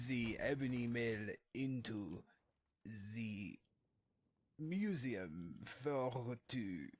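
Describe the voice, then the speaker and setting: A man voicing a polite male cat-folk wanderer with a put-on French accent, formal and speaking of himself in the third person. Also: husky. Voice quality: strained low throaty voice.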